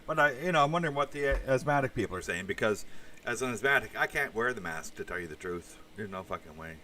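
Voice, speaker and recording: Man, casual livestream host, rambling, sharp bright voice, distant mic, faint background noise. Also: mid-range voice, expressive, quick pace. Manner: rambling, with asides and crude swearing. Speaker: podcast host reading live chat.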